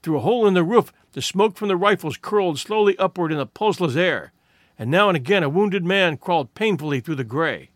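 A man reading a story aloud with drama and expression. His voice runs fairly high and moves a great deal, and it is recorded close and dry with no room sound. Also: lively intonation, a little fast, no room sound. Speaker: narrator. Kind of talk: scripted audiobook narration.

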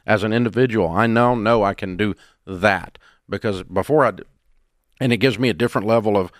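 A man's voice: fairly low pitch, brisk, dry recording, studio quality. A middle-aged man hosting a call-in advice show, talking in a blunt, folksy, emphatic way. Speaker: radio show host.

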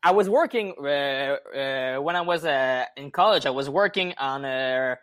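A man's voice: mid-range voice, expressive, unhurried, fairly bright tone. A man from Quebec with a Quebec French accent, a native French speaker, chatting on a podcast in a hesitant way with many fillers. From Quebec, Canada. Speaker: band member guest. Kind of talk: casual podcast chat.

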